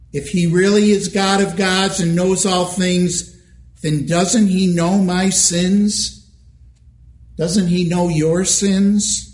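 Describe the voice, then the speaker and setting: Slow, high-voiced male preacher in an echoey room. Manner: measured, emphatic preaching with rhetorical questions. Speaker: pastor. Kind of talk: sermon.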